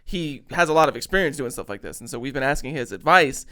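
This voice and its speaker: A man's voice: mid-range voice, expressive, quick pace, sharp tone. A man co-hosting a podcast in casual chat, telling stories in a rambling way. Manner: rambling, laughs while retelling. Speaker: podcast co-host.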